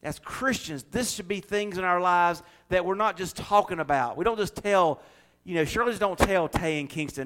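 A man's voice: high voice, normal speed. A man preaching a sermon, telling homey stories with acted-out quotes and building to emphatic passages. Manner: folksy storytelling, acts out quotes, builds to loud preaching. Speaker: pastor.

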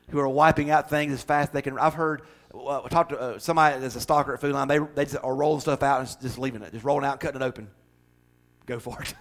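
A middle-aged man preaching a folksy, joking sermon that swells into fervent, loud passages. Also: medium pitch. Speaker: pastor.

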